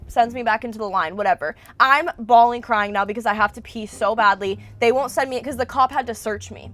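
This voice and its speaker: A young woman co-hosting a podcast, telling a story in animated, gossipy casual chat and swearing freely. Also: on the high side, quick pace, hardly any pauses. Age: young adult. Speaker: podcast co-host.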